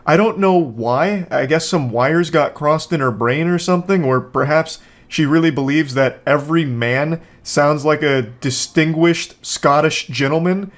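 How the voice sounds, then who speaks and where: A man's voice: on the high side, measured pace, few pauses. A man hosting casual reaction commentary from home, with dry, sarcastic jokes. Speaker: commentary host.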